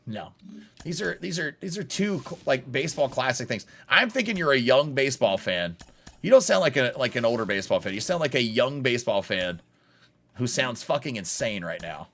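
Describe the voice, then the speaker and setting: A man's voice: mid-range voice, very animated, moderate pace, vocal fry, a bit bright. A young adult man live streaming a baseball video game, chatting bluntly and casually with his viewers and laughing often. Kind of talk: live gaming stream chat.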